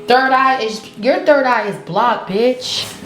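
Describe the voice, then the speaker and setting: A woman's voice: a little high, slow, fairly bright tone. A woman giving a collective tarot reading, blunt and profane, laughing often as she calls out the cards. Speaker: tarot reader. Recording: roomy echo with faint music.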